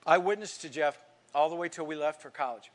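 A middle-aged man from California preaching a sermon, telling stories and swinging from hushed asides to emphatic lines. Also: on the high side, brisk. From California, USA. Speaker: pastor.

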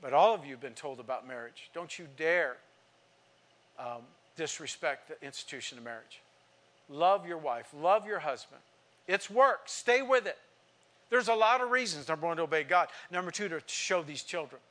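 A man's voice: fairly high pitch, expressive, normal speed, fairly bright tone. A man preaching a sermon to a congregation, emphatic and asking rhetorical questions. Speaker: pastor.

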